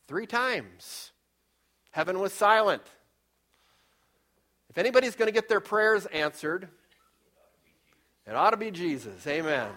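A male preacher delivering a sermon with scripture readings, fervent and emphatic, often slowing down to stress key points. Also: sits high, expressive, pushed and bright. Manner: fervent, emphatic, varies pace for effect. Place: church with slides.

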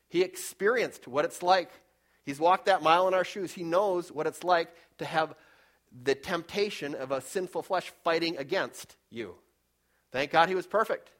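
A fervent male preacher delivering a sermon in a church, his voice sitting a little high. He speaks emphatically, pushing some phrases fast and drawing others out slowly for weight, and reads scripture aloud as he goes. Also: fairly bright tone. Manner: fervent, emphatic, varies pace for effect. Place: church with slides.

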